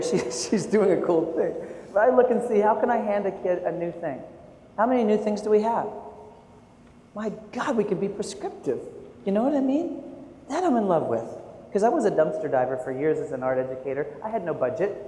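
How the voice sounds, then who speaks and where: A man's voice: high voice, fairly quick. Storytelling man in an echoey hall. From United States. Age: 40s. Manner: animated storytelling with self-mocking humor. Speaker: keynote speaker and art educator. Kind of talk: keynote talk to teachers. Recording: echoey hall, faint room noise.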